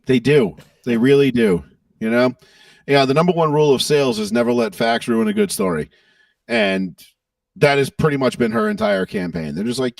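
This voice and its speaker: Brief: gravelly, lively male podcast co-host, profane and mocking, heard from a distance. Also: a little high, normal speed, no room sound. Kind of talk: casual political podcast chat.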